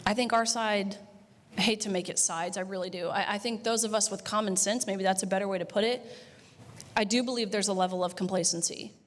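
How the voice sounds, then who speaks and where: A woman's voice: mid-range voice, steady tone, brisk. A young woman in her twenties giving a banquet speech, conversational and blunt, with frequent filler words. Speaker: banquet speaker. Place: banquet hall. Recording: reverberant banquet hall.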